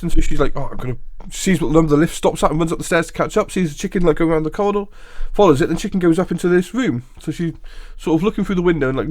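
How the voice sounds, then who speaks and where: This man's voice is a little high and a little mellow, captured in studio quality with no room sound. Co-hosting a podcast, he rambles through long jokes in casual conversation and keeps giggling at them himself.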